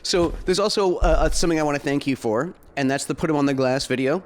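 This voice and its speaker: A man hosting a podcast, chatting casually with his guest, playful and joking and quick to laugh. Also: on the high side. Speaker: podcast host. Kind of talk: casual interview chat.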